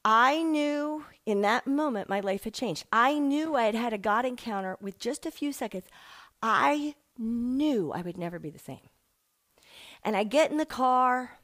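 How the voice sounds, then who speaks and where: Middle-aged woman, faith testimony, emotional animated storytelling, higher voice. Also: measured pace. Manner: emotional, animated, acts out quoted people. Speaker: speaker sharing a personal testimony.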